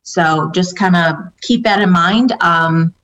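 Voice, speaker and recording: Slow and fairly bright, with a lowish pitch, this psychic medium answers viewer questions in a relaxed, uncertain way. Fillers and restarts crowd her speech as she conveys what the spirits are telling her. It's a dull lo-fi recording.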